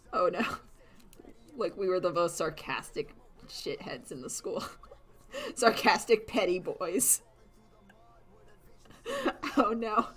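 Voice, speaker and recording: A woman's voice: mid-range voice, husky. A young woman chatting casually on a livestream, sarcastic and giggly, laughing often and acting out quoted voices. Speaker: streamer chatting while drawing.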